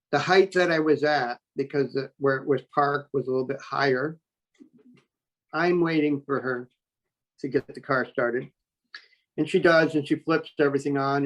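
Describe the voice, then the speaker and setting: Man, slightly high voice, interview guest, blunt casual storytelling, profane, animated. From New York State.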